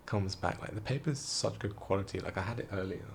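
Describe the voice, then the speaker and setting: Tired, hushed young man with gravelly fry. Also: low-pitched, normal speed, a little hiss or hum. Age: young adult. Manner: hushed, quiet, rambling talk. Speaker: vlogger. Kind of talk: casual storytelling vlog. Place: room indoors at night.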